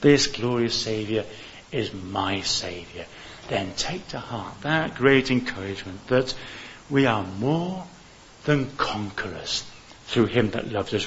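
A man's voice: on the low side, animated, slow pace, fairly bright tone. Male preacher, earnest and fervent; slightly muffled recording with faint hiss. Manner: earnest, rising to fervent appeals. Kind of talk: evangelistic sermon. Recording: dull hissy recording.

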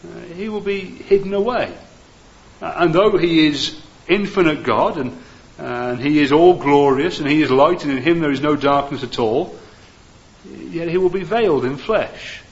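Earnest preacher, lo-fi recording. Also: male voice, a little high, normal speed. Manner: frequent "uh" fillers, gentle and earnest. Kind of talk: sermon.

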